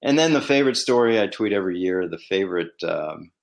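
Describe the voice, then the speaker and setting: A middle-aged man with a fairly low voice shares stories from his years as a team executive. He talks casually, like he's chatting with a listener. When he quotes people in his stories, his pitch jumps up. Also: lively intonation, a little fast, gravelly. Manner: conversational storyteller, acts out quoted dialogue with rising pitch. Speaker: former team executive turned commentator. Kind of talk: casual solo commentary.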